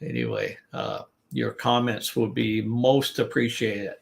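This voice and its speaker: A man's voice: fairly low pitch, huge pitch swings, slow, gravelly. An older man coaching business English in a chatty talk, restarting sentences and repeating words to show their stress. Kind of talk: informal online teaching talk.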